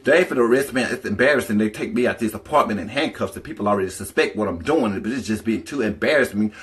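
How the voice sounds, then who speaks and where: A woman telling a personal story in a casual vlog, animated and profane, talking straight to her viewers. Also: a bass voice.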